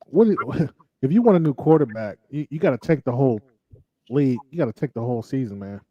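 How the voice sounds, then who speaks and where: A man's voice: mid-range voice, lively intonation, fairly quick, no echo, highs cut off. A man co-hosting a casual talk show, chatting in a laid-back, drawling way with mocking asides. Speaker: podcast co-host. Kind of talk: casual chat.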